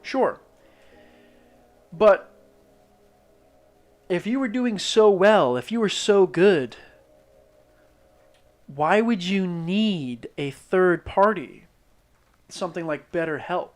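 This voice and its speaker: His voice sits high and expressive, slow-paced and broken by frequent pauses. This Northern Irish man, accent muted, chats casually as he draws on stream, rambling and restarting often while he rants skeptically and swears a lot.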